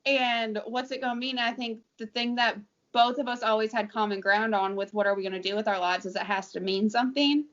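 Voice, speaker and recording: A woman's voice: fairly high pitch, fairly even intonation, fairly quick, hardly any pauses, a bit bright. Earnest woman chatting, lo-fi sound. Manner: open, earnest, giggly. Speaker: co-host. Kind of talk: casual heart-to-heart chat. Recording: dull lo-fi sound.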